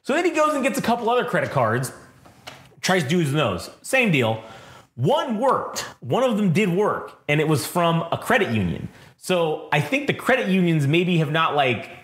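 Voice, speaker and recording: A man co-hosting a podcast, chatting casually and telling stories in an animated, profane, ranting way. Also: fairly high pitch, moderate pace. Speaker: podcast co-host. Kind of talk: casual chat and storytelling. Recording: roomy echo.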